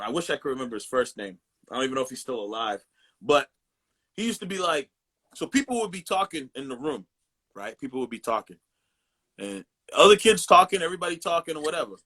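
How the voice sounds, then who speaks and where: A man in his forties, a podcast guest, telling casual, profane stories about his childhood. He tells them with animated impressions. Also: medium pitch. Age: 40s. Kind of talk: casual storytelling chat.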